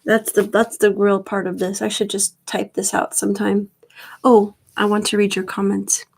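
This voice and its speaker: A woman's voice: mid-range voice, monotone, normal speed, vocal fry, husky, low-quality recording. A woman in her thirties chatting casually on a live stream, rambling with wry asides. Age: 30s. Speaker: vlogger.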